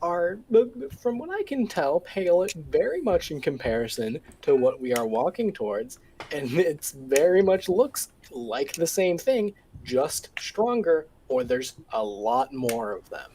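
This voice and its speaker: Animated, stumbling player voicing a wary character; lively pitch swings. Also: unhurried, slight background noise, low-quality recording. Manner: hesitant, many restarts, swears. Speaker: tabletop game player. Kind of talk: casual in-character play.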